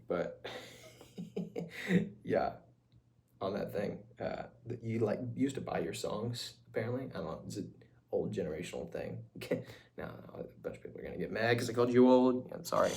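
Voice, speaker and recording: Rambling young man with a gravelly voice. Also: lowish voice, animated, normal speed, a little mellow. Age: young adult. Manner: rambling, laughs often, drops to whispers. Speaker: vlogger. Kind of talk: casual chat to camera.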